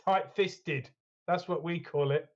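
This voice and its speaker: Higher-voiced man, dull lo-fi sound. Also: takes it slowly. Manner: enthusiastic, rambling, lots of fillers. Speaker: co-host. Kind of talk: casual hobby chat.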